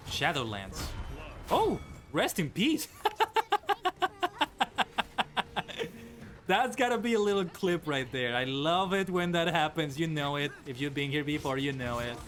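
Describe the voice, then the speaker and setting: A man streaming and chatting casually, animated and exclaiming, often correcting himself mid-sentence. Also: on the high side, moderate pace, faint music behind. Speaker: VTuber streamer. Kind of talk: casual stream chat and reactions.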